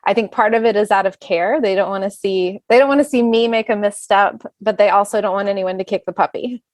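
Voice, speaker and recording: A woman who is a singer and bandleader, chatting as a guest in a relaxed, reflective way. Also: mid-range voice, brisk, no room sound. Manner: chatty, reflective, speeds up when listing plans. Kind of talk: casual conversation.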